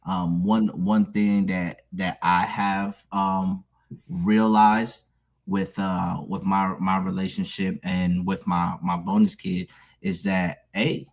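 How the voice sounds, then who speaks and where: Sincere low-voiced man in his thirties. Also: creaky. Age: 30s. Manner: halting, with many restarts and fillers, sincere. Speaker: panelist, stepparent. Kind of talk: candid panel discussion.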